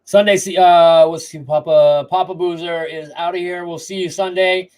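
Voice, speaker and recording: A man's voice: high voice, steady tone, moderate pace, darkish tone, low-quality recording. A man hosting a live stream, chatting casually in a rambling, laid-back way.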